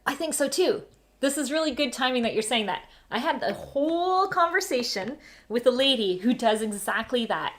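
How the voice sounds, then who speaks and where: A woman from Canada hosting a casual family live stream, chatty and quick to laugh, with plenty of "like". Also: a little high, expressive, a bit bright. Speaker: host. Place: home during lockdown.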